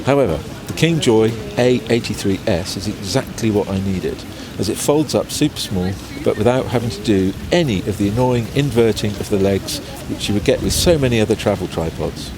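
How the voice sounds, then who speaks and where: A man reporting from an outdoor location as a photographer, describing his travel gear in a measured, scripted way. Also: fairly low pitch, lively intonation, crowd noise. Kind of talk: scripted location piece to camera. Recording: outdoor street noise.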